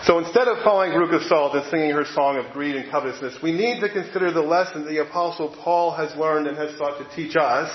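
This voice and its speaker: Male preacher, fairly high voice, relaxed conversational sermon delivery, roomy echo. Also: quick pace, hardly any pauses. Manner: conversational, reads quotes aloud, occasional repeated words. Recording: echoey room, slightly dull sound.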